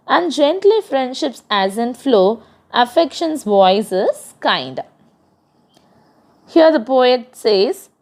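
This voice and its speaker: A woman teacher with an Indian English accent, reading a poem aloud to a class and explaining it line by line, defining the words. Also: on the high side. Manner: reads verses then paraphrases and defines words.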